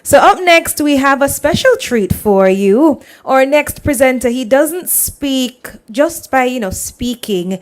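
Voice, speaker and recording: A woman's voice: high-pitched, lively intonation, slow pace, few pauses. A woman hosting a forum event, upbeat and encouraging as she introduces speakers. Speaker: event host. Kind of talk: emceeing a forum.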